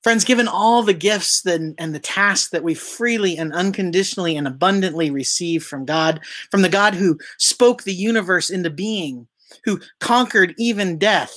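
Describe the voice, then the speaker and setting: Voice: mid-range voice, animated, normal speed, fairly bright tone. Pastor preaching, easygoing, lots of questions to the congregation, some ums and restarts. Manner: conversational preaching with rhetorical questions; occasional fillers and self-corrections. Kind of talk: sermon.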